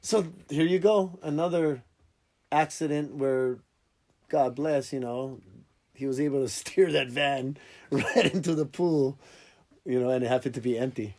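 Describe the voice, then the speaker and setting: A man's voice: mid-range voice, unhurried, a little mellow. A man hosting a casual podcast, rambling and joking with frequent laughs. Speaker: podcast host.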